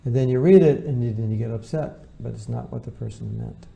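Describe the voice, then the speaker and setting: A man's voice: mid-range voice, a little fast, vocal fry, mellow. A man giving an informal lecture to devotees as their spiritual teacher, talking conversationally and acting out the voices of people he quotes.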